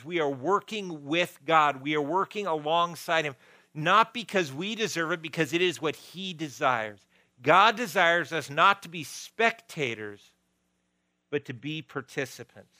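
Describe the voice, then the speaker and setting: Animated male pastor preaching. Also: on the high side, normal speed, no room sound, rough recording. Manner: animated, swinging from loud emphasis to quiet. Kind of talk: sermon.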